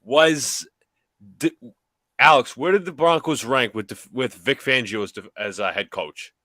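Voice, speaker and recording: A man's voice: mid-range voice, measured pace, sharp tone, dry recording. A man hosting a sports podcast, arguing his points emphatically and repeating lines for effect. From New York area. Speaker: podcast host. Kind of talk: animated sports debate.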